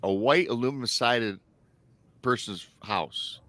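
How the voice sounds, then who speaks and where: A man's voice: mid-range voice, takes it slowly, fairly bright tone, dry recording. A man from Michigan hosting a casual live-stream chat, rambling through stories and reading out chat comments. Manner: rambling storyteller, reads chat aloud. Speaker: host.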